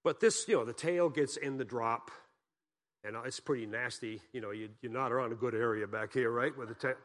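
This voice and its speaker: A man's voice: mid-range voice, a little fast, fairly bright tone. Folksy joking male preacher. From Massachusetts. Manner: folksy and joking, with homespun stories; asks the congregation questions. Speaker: guest pastor. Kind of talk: sermon.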